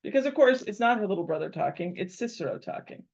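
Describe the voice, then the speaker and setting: A woman teacher works through a translation out loud, trying a phrase, repeating it and rewording it as she goes. Her voice sits at a middle pitch. The recording is dull and lo-fi. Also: animated, quick pace. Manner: thinks aloud, repeats phrases while working out a translation. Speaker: Latin teacher. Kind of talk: live translation lesson.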